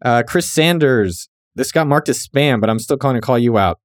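Joking young man, lively voice. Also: medium pitch, dry recording, studio quality. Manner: joking, riffing, quick asides. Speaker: podcast host. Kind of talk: reading listener shout-outs.

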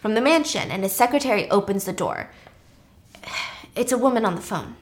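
A young woman hosting, retelling a film in a casual, animated and slangy way. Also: medium pitch, a little fast. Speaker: host. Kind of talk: casual film recap while eating.

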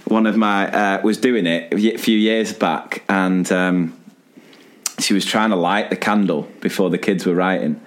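A man co-hosting a podcast, chatting in a relaxed, hesitant way. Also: deep voice, a little slow. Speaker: podcast co-host, school teacher. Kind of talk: casual chat.

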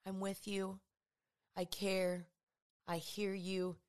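A woman voicing a gentle, comforting male divine figure, speaking softly and reassuringly. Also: medium pitch, little pitch movement, slow, pitched below the performer's own voice, lightly acted. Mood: tender. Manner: soft, hushed, reassuring.

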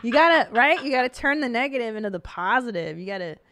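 A woman's voice: a little high, lively intonation, fast, a bit bright, a little hiss or hum. A woman hosting a podcast in a blunt, casual chat, swearing freely. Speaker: podcast host.

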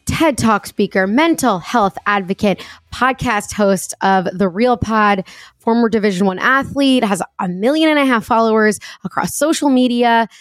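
A woman's voice: on the high side, expressive, moderate pace, dry recording, clean studio sound. A woman hosting a podcast in casual chat, talking in a chatty way with frequent "like" fillers. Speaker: podcast host.

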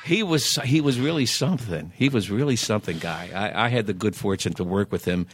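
An older man, a singer guest telling lively anecdotes in casual chat, stammering on restarts and acting out other people's lines. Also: fairly low pitch, fairly quick, breathy edge, dry recording. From Philadelphia. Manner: animated anecdotes, acts out quoted voices, stammers restarts.

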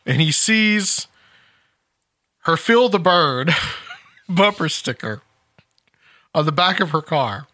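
A man's voice: high voice, pushed and bright, dry recording, clean studio sound. A man hosting a casual talk show, reading a news story aloud and laughing at it. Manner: amused, laughs while reading. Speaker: podcast host.

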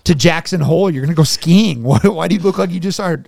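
A man co-hosting a podcast, telling a story in an animated, casual way with swearing. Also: fairly high pitch, fast, gravelly, no room sound. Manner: animated, swears, mimics people. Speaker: podcast co-host. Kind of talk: casual chat.

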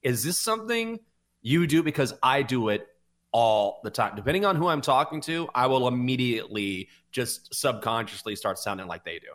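A man's voice: mid-range voice, animated, normal speed, fairly bright tone. A man in his fifties with a Southern American accent, hosting a sports betting podcast in casual, rambling chat. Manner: rambling, self-reflective, restarts often.

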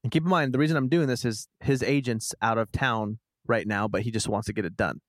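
Animated young man telling a story. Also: mid-range voice, brisk, no room sound. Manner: rambling, animated storyteller with restarts. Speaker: podcast host. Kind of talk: casual storytelling chat.

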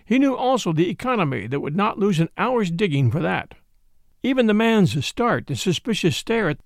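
A man narrating a classic mystery story in a measured, expressive storytelling style. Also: high voice, creaky, no echo, studio quality. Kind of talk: scripted audiobook narration.

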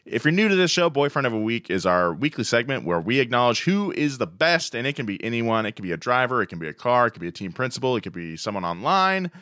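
Animated man co-hosting a podcast. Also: mid-range voice, quick pace, hardly any pauses, no echo, studio quality. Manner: animated, rambling with fillers. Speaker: podcast co-host. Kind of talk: casual chat.

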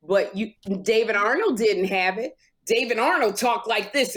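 A woman's voice: a little high, animated, normal speed, husky. A woman co-hosting a casual chat, gossiping at length and slipping into impressions. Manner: chatty gossip, slips into impressions. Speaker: co-host.

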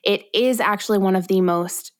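A woman's voice: mid-range voice, moderate pace, no echo, clean studio sound. A woman co-hosting a podcast in casual chat, talking in an earnest, encouraging way with lots of "like.". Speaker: podcast co-host.

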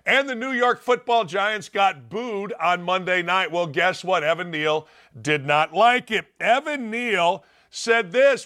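A man's voice: high-pitched, measured pace, hardly any pauses, sharp tone. A man hosting a sports talk show, joking and opinionated with conversational asides. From United States. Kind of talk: casual sports commentary.

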